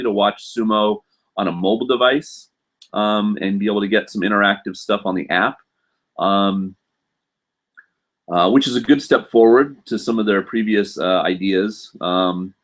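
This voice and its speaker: A man with a slightly low voice hosts a live stream from his computer and chats through viewer questions. He rambles loosely and fills every pause with ums and you-knows. It sounds relaxed and off the cuff. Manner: rambling, filler-heavy, chatty. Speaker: host.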